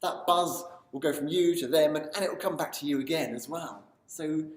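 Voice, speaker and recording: A man's voice: a little high, brisk. A man giving an enthusiastic motivational talk to camera in a video series. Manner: enthusiastic, building excitement as he talks. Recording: roomy sound from a distance.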